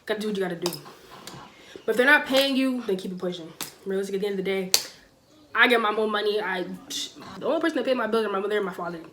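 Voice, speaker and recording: A woman's voice: mid-range voice, racing, background noise. Blunt, emphatic teenage girl. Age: teens. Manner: blunt, emphatic, lively with sudden loud stresses. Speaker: vlogger giving school advice. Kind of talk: casual sit-down advice talk. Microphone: camera mic, sitting.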